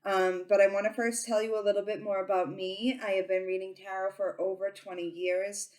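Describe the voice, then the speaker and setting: A woman who reads tarot, talking casually to her viewers and saying she talks very loudly, with lots of ums and restarts. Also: medium pitch, flat delivery, brisk. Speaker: tarot reader and psychic. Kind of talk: casual informational talk to camera.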